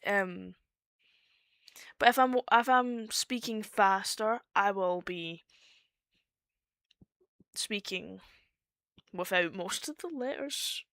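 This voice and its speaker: A woman's voice: mid-range voice, slow, pauses often, fairly bright tone, dry recording. Chatty Scottish woman, dry close sound. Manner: chatty, explains with restarts and fillers. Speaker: streamer. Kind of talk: casual chat on a voice call.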